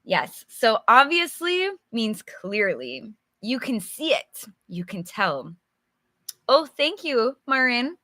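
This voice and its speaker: A woman running a live storybook English lesson, speaking slowly and clearly with a bright, clear tone. She is chatty and encouraging, calls out viewers by name, and acts out examples with sighs and groans. Her voice is a little worn, recorded close and dry. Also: a little high, sing-song, no room sound. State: slightly losing her voice. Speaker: English teacher.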